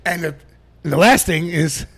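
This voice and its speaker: A middle-aged man, a podcast guest telling stories in a loud, animated way and swearing freely. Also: a little high, normal speed. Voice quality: gravelly, animated, swears a lot and shouts during stories. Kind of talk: casual storytelling.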